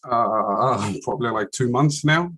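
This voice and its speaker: A man with a New Zealand accent joins a livestream over a video call as a prize winner. He talks in a laid-back, casual way at an even middle pitch and laughs often. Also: a little slow, a little hiss or hum. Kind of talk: casual chat.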